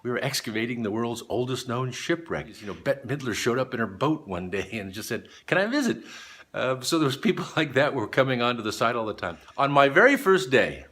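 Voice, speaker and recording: A middle-aged man vlogging, telling a story in an animated way and acting out the people in it. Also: medium pitch. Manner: animated storyteller, voices the people in his story, laughs often. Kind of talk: motivational storytelling vlog.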